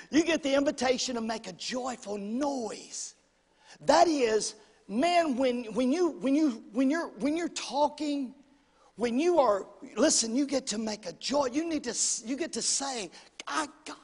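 A man preaching a fervent sermon in a church, repeating phrases and calling the congregation to respond. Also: very high-pitched. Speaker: pastor. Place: church sanctuary. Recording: long reverb of a large church hall.

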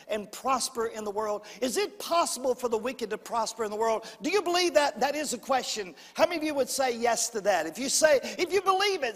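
High-voiced preacher in a reverberant hall. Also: male voice. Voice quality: rising to shouts at peaks, call-and-response with the congregation. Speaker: pastor. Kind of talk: sermon. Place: church sanctuary.

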